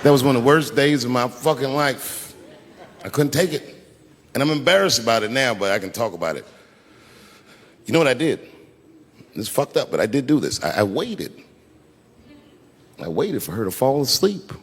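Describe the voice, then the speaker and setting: A man telling stand-up stories in a gravelly, animated voice that swings widely up and down. He drops to hushed asides and bursts into shouts. The recording has the long reverb of a large hall and a faint hiss underneath. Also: medium pitch, normal speed, long pauses. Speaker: stand-up comedian. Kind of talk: stand-up storytelling.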